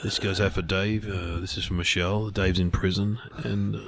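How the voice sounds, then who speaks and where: A man's voice: low voice, little pitch movement, fairly bright tone, slight background noise. A man co-hosting a comedy chat podcast, bantering and riffing on ideas. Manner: quick banter, riffs on ideas. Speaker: podcast co-host.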